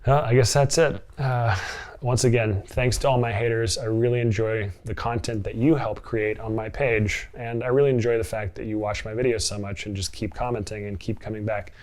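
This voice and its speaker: A man's voice: on the low side, fairly even intonation, moderate pace, darkish tone. A man in a casual reaction vlog, reading comments and answering with amused sarcasm and frequent laughter. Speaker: online commentator. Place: living in Portland.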